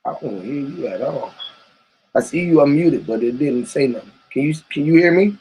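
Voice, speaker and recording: Husky, animated man riffing profanely. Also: fairly high pitch, moderate pace, low-quality recording. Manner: animated, profane street slang, rhetorical questions. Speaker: live stream host. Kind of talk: rambling live stream talk.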